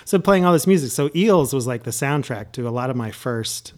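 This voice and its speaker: A man's voice: medium pitch, a little fast. Joking, self-deprecating male podcast guest. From Indiana. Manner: self-deprecating, deadpan jokes. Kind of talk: casual chat.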